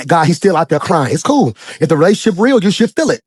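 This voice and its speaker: A man preaching a sermon as pastor, swinging from shouted high points to low, quiet asides and acting out characters. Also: animated, no echo. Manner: acts out characters in quick dramatic voices.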